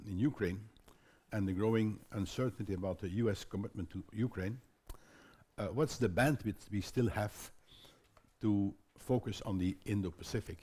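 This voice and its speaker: An older man moderating a conference panel in a halting way, with frequent fillers and restarts. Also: on the low side, darkish tone, breathy edge.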